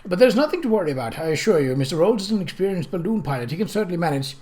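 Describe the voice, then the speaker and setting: A man's voice: sits high, sing-song, a little mellow, pitched above the performer's own voice. A man doing a mild, soothing vicar. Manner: soothing, measured.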